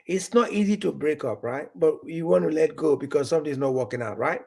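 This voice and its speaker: A man from Nigeria with a slightly high, husky voice talks in a loose, rambling way. He restarts and repeats words, and he acts out little conversations as he goes. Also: brisk, darkish tone. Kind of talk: casual chat.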